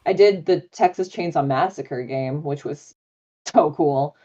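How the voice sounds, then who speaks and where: A woman's voice: sits low, unhurried, warm tone, highs cut off. A woman voice actor as a guest on a live interview chat, talking in a bubbly, enthusiastic way with many fillers.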